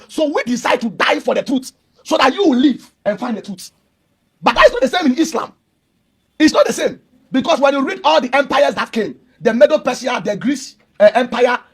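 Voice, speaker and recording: A man's voice: very high voice, slightly rough. A man, arguing emphatically and preachily in a heated religious debate and repeating his points. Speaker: Christian debater.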